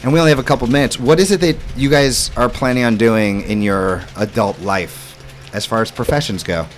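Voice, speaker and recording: A laid-back man hosts a casual podcast talk with an easy, encouraging manner and a mid-pitched voice. His voice carries some light background noise. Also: fairly quick. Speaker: podcast host, camp staff. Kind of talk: casual interview chat.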